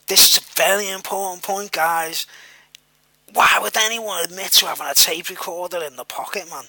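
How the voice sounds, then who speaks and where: A man's voice: high-pitched, fairly quick, bright, forceful tone, no room sound. A man telling a personal story in a rambling, repetitive way, full of fillers and the odd swear word. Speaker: vlogger.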